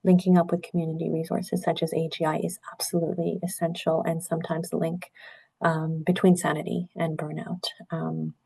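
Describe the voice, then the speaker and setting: Low, gravelly middle-aged woman presenter. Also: little pitch movement, a little fast, dark tone. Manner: earnest, candid, reflective. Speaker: webinar presenter, nurse. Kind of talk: webinar talk.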